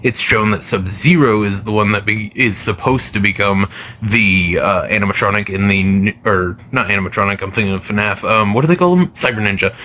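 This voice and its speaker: Man, low-pitched but bright, forceful tone; casual, rambling gaming commentator full of fillers. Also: fairly even intonation, moderate pace, a little hiss or hum. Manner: rambling, many fillers and restarts. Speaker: gaming video creator.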